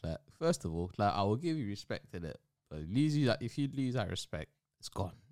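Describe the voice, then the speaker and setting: Deep-voiced young man, laid-back. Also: sing-song, fairly quick, darkish tone, no room sound, studio quality. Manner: laid-back, slangy, keeps saying innit. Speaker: podcast host. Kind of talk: casual chat.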